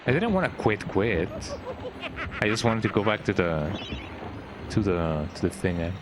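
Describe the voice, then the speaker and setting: A man's voice: on the low side, very animated, normal speed, noisy background. A man streaming a video game, rambling casually and tagging his lines with "eh?". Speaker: gaming streamer. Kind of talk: casual let's play commentary. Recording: game music playing behind.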